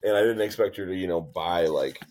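A man with a very deep voice co-hosting a podcast. He tells stories in a relaxed, casual chat, with plenty of fillers and the odd swear word. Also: fairly quick. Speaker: podcast co-host.

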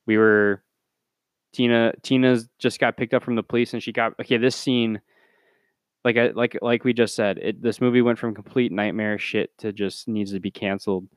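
A man's voice: fairly even intonation, normal speed, no room sound. A man co-hosting a casual movie review podcast, swearing and exasperated as he recaps the plot. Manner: profane, exasperated, mimics characters in high voices. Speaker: podcast co-host. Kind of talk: casual film review chat.

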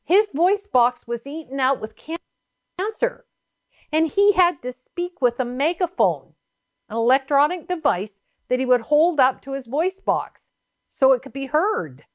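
A woman's voice: high voice, sing-song, a little slow. A woman preaching a sermon in an emphatic, fervent, repetitive way. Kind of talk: sermon teaching.

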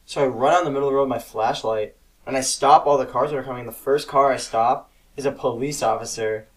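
A man's voice: mid-range voice, steady tone, fast. Young man telling stories, mic at a distance. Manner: rambling storyteller, swears freely, acts out quotes. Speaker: podcast co-host. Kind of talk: casual chat.

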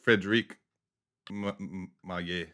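A man in casual podcast chat, retelling a story with many pauses and fillers. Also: low-pitched, steady tone, fairly bright tone.

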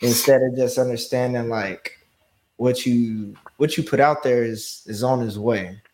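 A man's voice: medium pitch, fairly even intonation, measured pace, darkish tone. A man hosting a podcast, talking loosely and slangily, peppering his speech with "bro" and "you know what I'm saying". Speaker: podcast host leading the topic. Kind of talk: casual podcast talk.

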